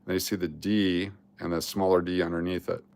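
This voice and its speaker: Here the deep-voiced coin roll hunting host, his tone gravelly and heavy with fry, talks a little fast as he digs through coins in front of the camera. Muttering dates and mint marks, he gets excited over possible finds and groans at the misses in a relaxed, casual way.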